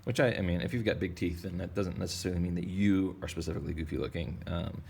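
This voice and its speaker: Deep gravelly man teaching kids to draw. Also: steady tone, fast, darkish tone. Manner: playful, rambling, jokey. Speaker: art teacher. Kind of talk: casual drawing lesson for kids.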